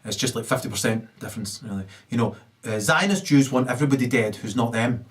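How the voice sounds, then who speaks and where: A man's voice: mid-range voice, quick pace. Guy ranting off the cuff, lots of ums, mic a bit far off. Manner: ranting, hesitant with many fillers, sudden loud rises. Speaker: video blogger. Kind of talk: rambling monologue.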